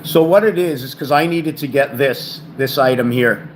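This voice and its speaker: This male channel host has a mid-range voice and speaks at a normal speed while explaining his word and number theories. The video is a rambling solo monologue full of stumbles, restarted words and thinking aloud, recorded on a home camera setup with slight background noise.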